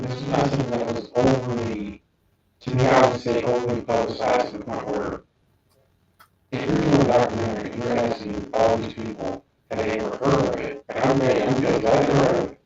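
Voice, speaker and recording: A man co-hosting a podcast, rambling through his thoughts with many ums and restarts. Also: medium pitch. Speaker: podcast co-host. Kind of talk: casual podcast discussion. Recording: distant, echoey, dull remote audio.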